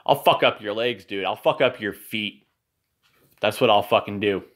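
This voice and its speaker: A man's voice: fairly low pitch, normal speed, a bit bright. A man talking casually to the camera at home, rambling from thought to thought and often apologizing. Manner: profane and ranting at times. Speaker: father filming a video message. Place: indoors at home, in a room with a nightlight.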